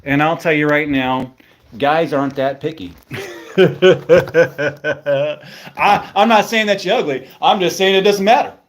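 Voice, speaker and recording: A man's voice: fairly high pitch, slow pace. A man hosting a live stream, chatting casually with viewers in a playful, teasing, rambling way.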